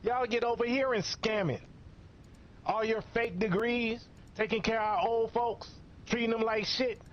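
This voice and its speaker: A man with a high voice scolds and swears his way through an angry rant. The recording sounds muffled and lo-fi, with a faint hiss underneath. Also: fairly even intonation, a little slow. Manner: profane, scolding, repetitive.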